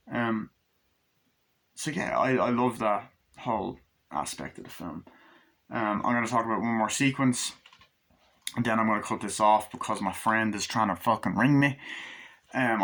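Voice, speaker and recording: A man giving a casual, animated film review, swearing freely and acting out scenes in quick voices. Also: medium pitch. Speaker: movie reviewer. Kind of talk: casual spoken movie review.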